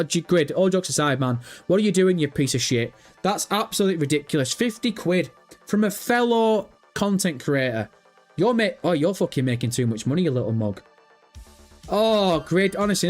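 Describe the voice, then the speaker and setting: A man with a British accent hosting a live stream, chatting casually, excitable and swearing freely as he banters with his audience. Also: sits high. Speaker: livestream host. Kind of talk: casual livestream chat.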